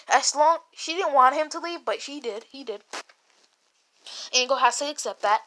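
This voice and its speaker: A woman's voice: high-pitched, moderate pace, a bit bright. A woman casually retelling a made-up fan story, rambling and swearing, with many restarts. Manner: rambling and profane, full of restarts and "like".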